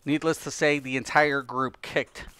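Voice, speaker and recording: A man's voice: medium pitch, fairly even intonation, normal speed, bright, forceful tone, clear, resonant tone. A man hosting his own gaming channel, a little tired, ranting casually and with exasperation, swearing as he rambles.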